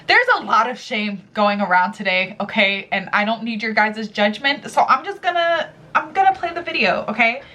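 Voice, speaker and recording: A woman's voice: fairly high pitch, moderate pace, hardly any pauses, sharp tone, slight background noise. A young woman YouTuber chatting casually and playfully, with slang and casual swearing, as she reacts to a video. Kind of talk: casual chat.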